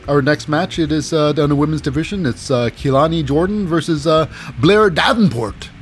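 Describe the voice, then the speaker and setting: A man's voice: on the high side, normal speed, a little hiss or hum. Rambling sarcastic man recapping wrestling. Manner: rambling, sarcastic, acts out quotes in silly voices. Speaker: wrestling show recap host. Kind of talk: casual solo recap commentary.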